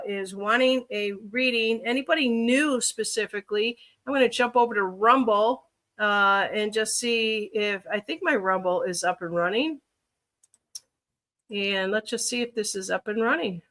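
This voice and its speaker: A woman's voice: on the high side, normal speed, fairly bright tone. A woman from Chicago with a Chicago accent, chatting casually on a livestream as a reader, rambling and thinking aloud with many fillers.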